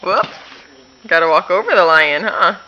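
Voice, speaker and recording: A woman's voice: lowish voice, measured pace, pushed and bright, muffled recording. A woman talking to her toddler at home in playful, coaxing baby talk, with frequent laughs. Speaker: mother.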